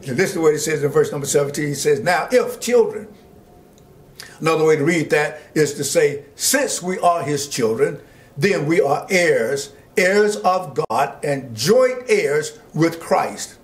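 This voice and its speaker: A man pastor teaching a Bible study, slowly reading scripture aloud and preaching with rising emphasis and asides to his listeners. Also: a little high, expressive. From Georgia, US.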